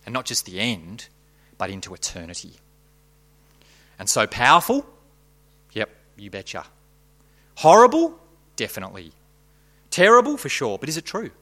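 A man's voice: on the low side, very animated, normal speed, long pauses, sharp tone. A man leading a prayer and preaching a sermon, talking through his points with rhetorical questions in a conversational way. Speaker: pastor. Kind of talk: sermon with dramatic reading.

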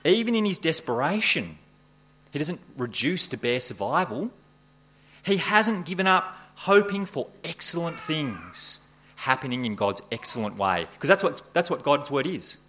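A man preaching a sermon, emphatic and expressive, reading scripture aloud and explaining it. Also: normal speed. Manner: expressive, emphatic preaching with big pitch swings.

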